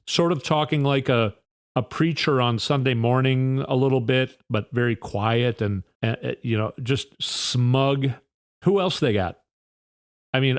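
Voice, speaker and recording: A man hosting a podcast, giving a rambling, opinionated political commentary with frequent fillers. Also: mid-range voice. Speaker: podcast host.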